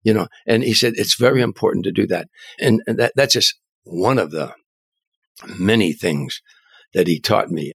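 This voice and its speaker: An older man, a comedian and author, telling animated anecdotes as an interview guest, often restarting his words. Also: fairly low pitch, normal speed, gravelly, breathy edge, no room sound. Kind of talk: storytelling in an interview.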